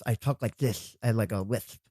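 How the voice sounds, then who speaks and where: A man as a podcast guest talking casually, often halting and restarting his words. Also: lowish voice, dark tone, no room sound, studio quality. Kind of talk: casual conversation.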